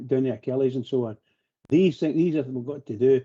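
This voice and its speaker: A man's voice: medium pitch, fairly quick, warm tone, muffled recording. A man talking passionately on a live radio phone-in, rambling and repeating himself as he gets worked up. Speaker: phone-in pundit.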